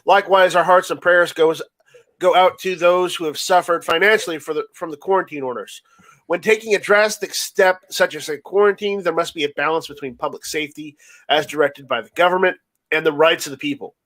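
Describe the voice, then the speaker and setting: A male host with a high voice reads a statement on a video call. He halts and restarts often, tripping over words as he goes. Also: fairly bright tone, poor audio. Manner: stumbling, halting reader. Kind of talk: casual chat and reading a statement aloud.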